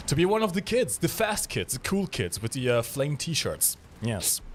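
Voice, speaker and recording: Chatty man with a lively voice. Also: a little high, a little slow, slight background noise. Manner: chatty, explains with many fillers. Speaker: game stream co-host. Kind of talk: casual gameplay commentary.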